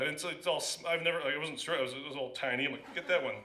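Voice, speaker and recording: A man's voice: on the high side, pushed and bright. Rambling stand-up man in an echoey club. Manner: rambling, halting, with many restarts and fillers. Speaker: open mic comedian. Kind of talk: stand-up storytelling. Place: small comedy club.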